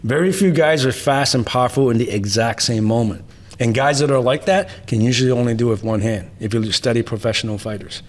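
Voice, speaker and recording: A man with a mid-range voice talks through martial arts stories in an interview. He speaks emphatically and casually, stacking repeated lines and checking in with a quick "right?" now and then. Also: medium pitch. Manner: emphatic, tags points with "right?"; repetitive rhetorical lists. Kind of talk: interview storytelling.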